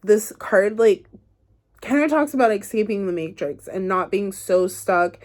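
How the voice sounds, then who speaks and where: A woman doing a laid-back tarot reading straight to camera. She talks slowly and wanders from thought to thought, filling the gaps with ums and likes. Her voice is soft and mellow, never sharp. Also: medium pitch. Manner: chatty, rambling, filler-heavy. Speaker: tarot reader. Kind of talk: casual pick-a-card reading.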